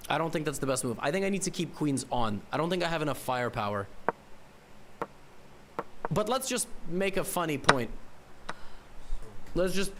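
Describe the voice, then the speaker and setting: A man's voice: on the high side, very animated, moderate pace, long pauses, noisy background. A man streaming a chess game, thinking aloud and muttering to himself, repeating words as he works through moves and now and then teasing his opponent. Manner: wry teasing banter at the opponent.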